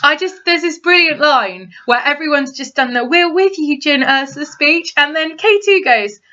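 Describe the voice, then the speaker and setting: A woman co-hosting a casual film review chat, retelling scenes with excited, animated delivery. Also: moderate pace. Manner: excitable, animated storytelling with big pitch swings. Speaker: podcast co-host. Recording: dull lo-fi home recording.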